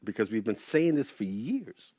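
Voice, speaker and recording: Animated middle-aged man telling stories. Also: lowish voice, moderate pace, slightly rough, no echo. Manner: animated, swears freely, acts out quotes. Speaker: interview guest. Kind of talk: casual storytelling.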